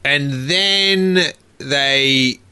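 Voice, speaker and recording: A man's voice: mid-range voice, very slow, sharp tone, smooth, dry recording. A man hosting a podcast, chatting casually and laughing while he tells a story. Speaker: podcast host. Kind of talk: casual chat.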